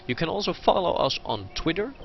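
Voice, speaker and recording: A man hosting an esports cast and wrapping it up in a relaxed way, pausing with many fillers. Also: fairly high pitch, creaky, dull audio, slight background noise. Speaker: esports caster hosting the broadcast. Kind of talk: closing remarks of a game cast.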